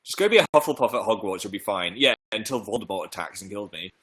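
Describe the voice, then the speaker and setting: A man's voice: on the low side, expressive, fast talker, a bit bright. A young man from England hosting a casual live stream, rambling playfully and reading out viewer comments. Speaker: livestream host. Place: home room.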